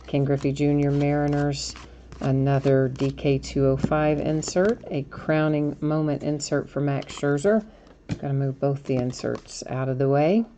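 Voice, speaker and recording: A middle-aged woman with a low voice talks casually through a live card break stream, chatting with viewers and reading off each card. She laughs at herself now and then. A faint hiss runs under her voice. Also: dark tone.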